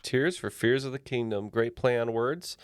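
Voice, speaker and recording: A man's voice: medium pitch, moderate pace, no room sound. An upbeat man co-hosts a trivia podcast and trades puns with the others. His mid-range voice is recorded close and dry. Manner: jokey, upbeat. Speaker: podcast co-host and player. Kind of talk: casual podcast banter.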